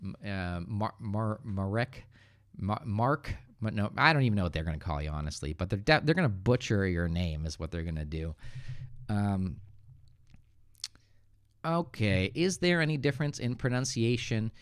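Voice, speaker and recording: A man with an American accent teaches English live, his pitch rising and falling a lot as he reads viewers' questions and teases them. The close microphone gives a dry sound with almost no room in it. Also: normal speed, smooth, dry recording. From Northeastern United States. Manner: relaxed, joking, reads viewer comments aloud and corrects them. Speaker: English teacher hosting a livestream. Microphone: good studio microphone.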